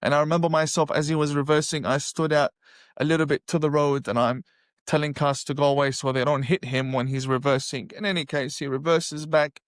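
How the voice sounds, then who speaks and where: A man telling his personal testimony in an animated storytelling way, repeating phrases for emphasis. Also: fairly high pitch, brisk, no echo, clean studio sound. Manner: animated, acts out his own past reactions; emphatic repetition. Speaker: guest sharing a conversion testimony.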